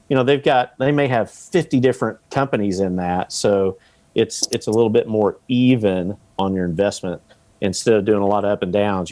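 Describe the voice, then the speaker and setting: A man as a podcast guest, explaining rental investing in a relaxed way with examples and acted-out quotes. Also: low-pitched. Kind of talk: casual interview talk.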